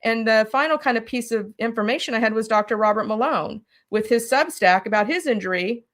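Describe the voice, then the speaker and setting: A woman telling a personal story as an interview guest, animated and speaking directly to her listeners. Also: on the high side, a little fast. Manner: animated, talks straight to listeners.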